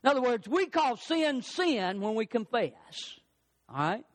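High, lively-voiced older male preacher. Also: unhurried. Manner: emphatic, repetitive preaching cadence. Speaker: pastor. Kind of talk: sermon.

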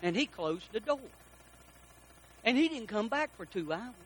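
Middle-aged male pastor, high and bright, preaches in a storytelling way with drawn-out stresses. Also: very animated, a little hiss or hum, rough recording. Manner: preaching with storytelling, slow emphatic stresses, quoted dialogue. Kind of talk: sermon.

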